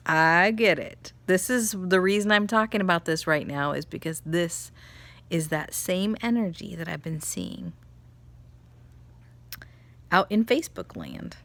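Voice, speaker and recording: A mother chatting casually about spiritual energy, telling family stories with animated laughter. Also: on the low side, unhurried, vocal fry. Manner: animated storytelling, laughs often. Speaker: vlogger, mother. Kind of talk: casual chat, spiritual reflection.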